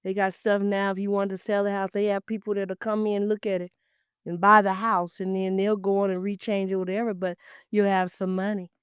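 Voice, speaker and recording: A woman's voice: flat delivery, brisk, clean tone, dry recording. Emphatic woman host, preachy and dry. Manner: emphatic and preachy, repeats phrases for effect; swings from loud and high to hushed, near-whispered asides. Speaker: talk show host. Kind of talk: heartfelt storytelling monologue.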